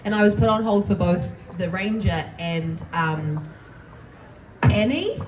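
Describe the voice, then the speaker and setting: A woman from New Zealand telling a soft-spoken, laughing story as a convention panel guest. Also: mid-range voice, slow pace, slight background noise. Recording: distant mic with crowd.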